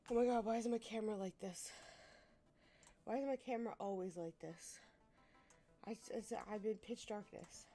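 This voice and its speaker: A woman's voice: mid-range voice, normal speed, pauses often, warm tone, soft background music. A woman game streamer with a stuffy, congested nose from a sinus infection, chatting casually and profanely with her viewers on a desk mic at home.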